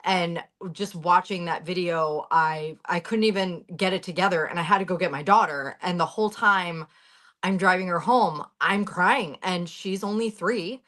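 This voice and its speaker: A woman's voice: fairly low pitch, normal speed, fairly bright tone. A woman in her thirties, a guest on a talk show, telling a personal account bluntly, with swearing and heated urgency over a video call.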